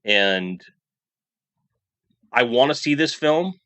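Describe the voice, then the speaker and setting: Chatty man with lively pitch. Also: slow, no echo. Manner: chatty, rambling, frequent restarts and fillers. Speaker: toy news livestream host. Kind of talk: casual livestream chat reading super chats.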